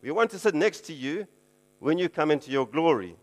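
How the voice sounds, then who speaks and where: A man's voice: on the high side, sing-song, fairly quick. A man voicing eager, ambitious male disciples asking for favor in a sermon retelling. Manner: wheedling, self-seeking.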